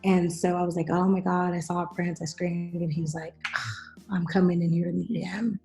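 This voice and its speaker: Woman with a gravelly, mellow voice. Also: on the low side, normal speed, faint music behind. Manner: animated storyteller, acts out quotes. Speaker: podcast host and actress. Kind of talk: casual chat, storytelling.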